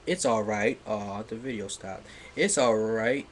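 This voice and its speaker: A man on a livestream reading fan fiction aloud in a mocking dramatic way, sarcastic, with loud outbursts and laughter, sounding a bit stuffy. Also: on the low side, measured pace, slight background noise. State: slightly stuffy.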